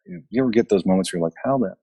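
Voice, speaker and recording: A man's voice: sits low, sing-song, racing, gravelly, mellow, slightly rough. A middle-aged man from Memphis, telling stories as a guest in a loose, rambling way with lots of fillers. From Memphis, Tennessee. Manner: rambling, laid-back, many fillers and restarts. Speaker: actor guest. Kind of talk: casual storytelling interview. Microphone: remote call from a basement.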